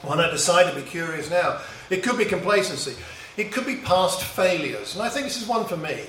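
A man's voice: high-pitched, lively intonation, fairly quick, a bit bright, far from the mic, slight background noise. Man musing in a roomy room. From England. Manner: storytelling, musing, with small restarts. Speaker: speaker. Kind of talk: reflective personal talk. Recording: roomy echo, voice a bit off-mic.

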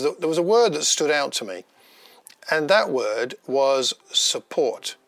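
Man, gravelly voice, dry close sound, reflective devotional talk, gentle and personal. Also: medium pitch, no room sound. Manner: gentle, personal, unhurried with pauses and restarts. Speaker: devotional speaker.

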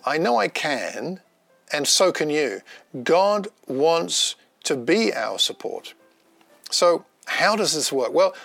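A man giving a gentle, personal devotional talk, unhurried, with small pauses and restarts. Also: mid-range voice, creaky, no echo. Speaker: devotional speaker.

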